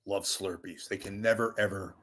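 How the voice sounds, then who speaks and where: Older male commentator, rambling, crude jokes, pitched a bit low. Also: fairly even intonation, normal speed. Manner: profane, wisecracking, rambling with loud bursts and muttered asides. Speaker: media commentator. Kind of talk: off-the-cuff monologue. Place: at home.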